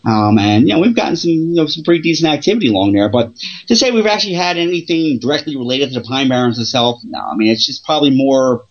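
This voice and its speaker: Halting man telling investigation stories. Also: medium pitch, lively intonation, dull audio. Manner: halting, many restarts and fillers. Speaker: paranormal investigator guest. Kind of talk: casual interview storytelling.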